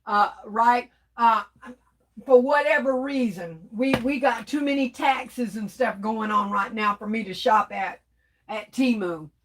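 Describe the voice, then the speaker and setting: A woman's voice: fairly high pitch, measured pace. Chatty woman reading chat. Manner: chatty, laughing, reads comments aloud. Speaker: livestream host reading chat. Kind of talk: casual livestream chat.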